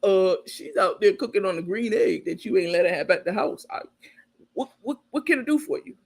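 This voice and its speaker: A woman voicing a flustered man who stammers and rushes on the phone. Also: mid-range voice, expressive, vocal fry, darkish tone. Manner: hurried, stammering.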